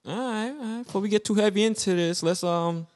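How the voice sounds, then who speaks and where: Podcast co-host, young man, slangy and playful, fairly high-pitched. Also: a little fast. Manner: animated, joking, slangy. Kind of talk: casual chat.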